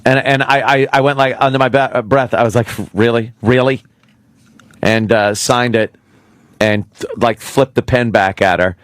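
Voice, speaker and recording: A man's voice: mid-range voice, fairly even intonation, moderate pace, a bit bright, no room sound, studio quality. A middle-aged man hosting a radio talk show, telling a rambling, profane story with many restarts.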